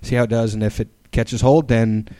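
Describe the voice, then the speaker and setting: A man's voice: medium pitch, a little fast, no room sound. A man in his thirties chatting on a podcast with a dry, close sound. He teases his co-hosts and jokes with a straight face. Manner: joking, deadpan teasing. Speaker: podcast co-host. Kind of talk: casual chat.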